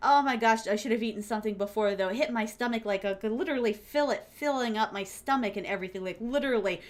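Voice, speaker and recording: A young adult woman talks casually to her chat while she plays a game, with a slightly high voice. She is bubbly and giggly, fills her talk with little fillers, and breaks into squeals now and then. She calls her viewers fond pet names. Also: fast. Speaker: streamer.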